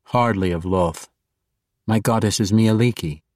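A determined woman priestess, direct and blunt, voiced by a man reading a fantasy audiobook who lifts his pitch a little. She answers plainly, recorded close and dry. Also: measured pace, darkish tone, no echo, distant mic, close to an everyday voice.

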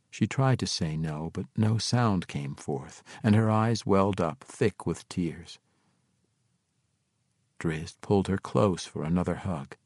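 Low-voiced male audiobook narrator. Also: slightly rough, no room sound, studio quality. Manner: measured, even storytelling. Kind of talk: scripted fantasy narration.

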